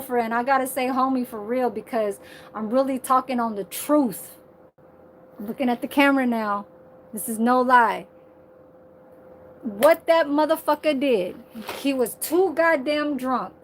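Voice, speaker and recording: A woman talking straight to her phone camera in a casual, animated rant, swearing a lot and filling her talk with "like" and "you know". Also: high voice, a little hiss or hum. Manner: animated, heavy profanity, lots of filler. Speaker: vlogger.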